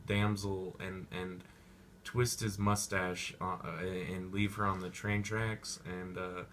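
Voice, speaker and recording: A man's voice: low-pitched, background noise. A young man giving a rambling, profane casual movie review, full of slang and goofy asides.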